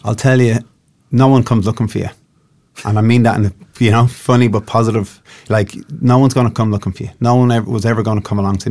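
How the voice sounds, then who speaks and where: A man's voice: fairly low pitch, steady tone, fast talker, a little mellow. A middle-aged man from Dublin with an Irish accent, a singer-songwriter chatting loosely in an interview with lots of fillers and restarts. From Ireland. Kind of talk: casual interview chat.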